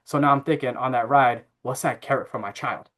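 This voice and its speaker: A man in his thirties telling a family story as a podcast guest, relaxed and chatty with fillers. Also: medium pitch, brisk. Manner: animated anecdote-telling with frequent fillers and laughs. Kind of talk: casual interview storytelling.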